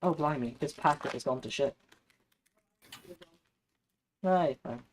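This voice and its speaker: A man's voice: fairly high pitch, measured pace, heavy background noise. Chatty man streaming a game. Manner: chatty, swears casually. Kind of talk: casual gaming chat.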